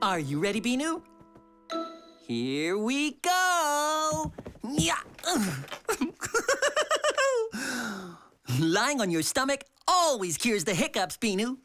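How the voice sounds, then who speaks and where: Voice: medium pitch, very animated, takes it slowly, over music. A performer voicing a cheerful, giggly male cartoon creature who eagerly helps his friend, with exclamatory, sing-song delivery in a preschool cartoon. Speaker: cartoon lead character.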